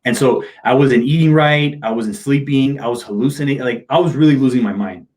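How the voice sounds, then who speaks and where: A man's voice: medium pitch, fairly quick, a little mellow. Candid man telling emotional stories. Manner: open, emotional storytelling with casual slang. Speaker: motivational speaker. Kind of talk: candid interview talk.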